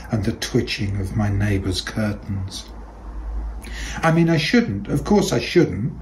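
A man reading literary fiction aloud in a measured, deliberate way. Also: lowish voice, a little mellow, a little hiss or hum, poor audio. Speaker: reader.

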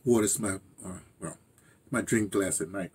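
A man's voice: deep voice, moderate pace, a little mellow, breathy edge. An older man rambling through a casual monologue as host of his own channel, interrupting himself and chuckling at asides. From United States.

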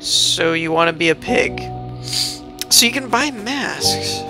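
A chatty let's-play host talking through a fantasy game, reading item text aloud and reacting with quick exclamations. Mid-range voice, with game music clearly behind. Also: medium pitch, animated. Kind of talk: casual gameplay commentary.

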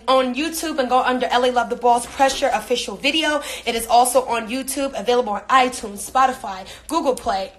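A woman's voice: a little high, fairly bright tone. A young woman chatting casually on a phone livestream, reading viewer comments and laughing often. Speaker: social media personality.

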